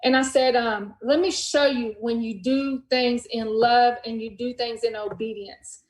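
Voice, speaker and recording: This podcast host speaks unhurriedly in a fairly high voice, recounting a story in casual talk and performing each quoted line of dialogue with animation. The recording is rough and reverberant.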